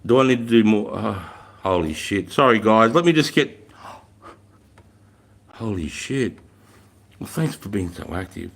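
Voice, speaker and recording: A lowish-voiced Australian man in his forties hosts a loose livestream and chats with his viewers. He swears freely, slips into matey banter and laughs a lot. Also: lively intonation, a little slow, gravelly, long pauses. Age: 40s. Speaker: livestream host, retired soldier. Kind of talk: casual livestream chat with viewers.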